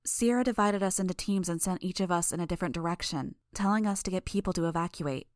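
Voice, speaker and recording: A woman voicing a frightened teenage girl who speaks quietly and anxiously in an audiobook reading. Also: lowish voice, dry recording, studio quality, lightly acted. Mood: worried. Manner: soft, hurried and anxious.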